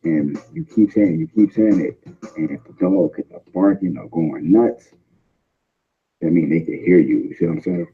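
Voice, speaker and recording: Deep-voiced man, rambling casual call talk, muffled lo-fi sound. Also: moderate pace, breathy edge. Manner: rambling, keeps asking "you know what I'm saying". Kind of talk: casual chat on a group call.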